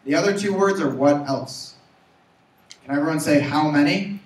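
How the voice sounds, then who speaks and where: A young man giving an energetic motivational sales talk, urging his audience to repeat after him. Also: on the high side, normal speed. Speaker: sales trainer. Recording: roomy, from far off.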